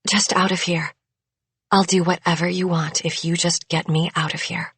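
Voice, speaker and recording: A woman voicing a tense young woman on the run who talks low and urgent, some lines half whispered. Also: flat delivery, moderate pace, a bit bright, breathy edge, no room sound. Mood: urgent, hushed.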